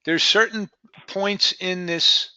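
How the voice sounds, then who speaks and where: A man coaching salespeople in a live training session, energetic and repetitive, often saying "boom". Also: takes it slowly, dry recording, dull audio. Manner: energetic, repeats words, says "boom".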